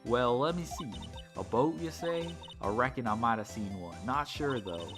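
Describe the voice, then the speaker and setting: A man's voice: mid-range voice, animated, normal speed, natural voice. A man voicing a brash young Southern woman photographer, with a put-on Southern drawl and a feisty, folksy manner. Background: game music.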